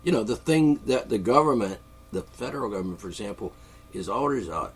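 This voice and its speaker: A man's voice: on the low side, sing-song, fast talker, a little mellow, husky. A man with congested sinuses, delivering a sarcastic, rambling political monologue from his studio. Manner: sarcastic, mocking, chuckling. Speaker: podcast host. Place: home studio.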